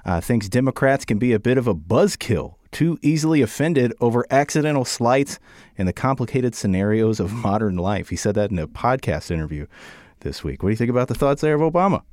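A man's voice: medium pitch, expressive, brisk, a little mellow, no echo, clean studio sound. A man co-hosting a casual chat, steadily reading news items and prompting his co-host. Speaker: podcast co-host.

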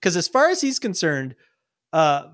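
Game master: a high-voiced man, rambling tabletop narration, dry mic. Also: huge pitch swings, normal speed, fairly bright tone, no room sound. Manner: rambling, full of fillers and restarts.

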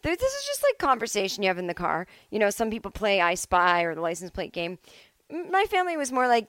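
A woman's voice: mid-range voice, huge pitch swings, fast, a bit bright, no room sound. Rambling, dry-sounding woman comedian. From Massachusetts. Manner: rambling, self-deprecating, full of "like" and "I don't know". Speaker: podcast host. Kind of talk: solo comedic monologue. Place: at home.

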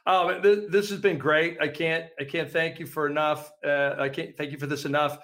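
A man with a slightly raised pitch leads a casual podcast interview. He is playful and laughs readily, filling pauses with hesitant ums as he goes. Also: fairly even intonation, fairly bright tone. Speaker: podcast host.

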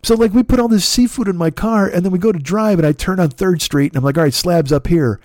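A man hosting a podcast, telling a long, animated, profane story in a casual way and acting out the back-and-forth dialogue. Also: high voice, fast talker, dry recording, clean studio sound. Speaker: podcast host.

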